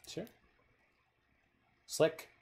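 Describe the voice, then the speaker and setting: A man's voice: very slow, a little mellow. A man giving casual commentary on his own card game, talking to himself and swearing when plays go wrong. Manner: frustrated outbursts and swearing; talks to himself while playing. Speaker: gaming streamer.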